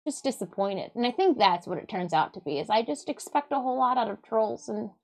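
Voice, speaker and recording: A woman's voice: a little high, expressive, brisk, darkish tone. A young adult woman from Michigan, hosting her own livestream in casual, rambling chat, restarting her sentences and laughing often. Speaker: livestreaming artist and host.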